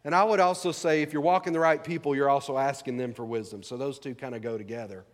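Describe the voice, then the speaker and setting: A man's voice: mid-range voice, steady tone, fast talker. A male pastor preaching a sermon in a folksy, conversational way, asking the congregation questions. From rural American South. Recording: long hall reverb.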